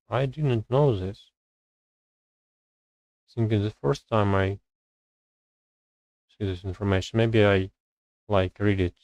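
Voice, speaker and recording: Reading grammar rules aloud during a live stream, this man pauses hesitantly as he searches for words and thinks through English exercises. His pitch is fairly low, there's no echo, and the recording is rough.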